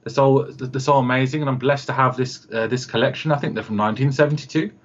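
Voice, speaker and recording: This radio host and producer talks fast at a medium pitch with fairly even intonation, and the audio has its highs cut off. Appearing as a guest on a video call interview, he wanders through anecdotes, voicing the characters he quotes, with lots of filler words.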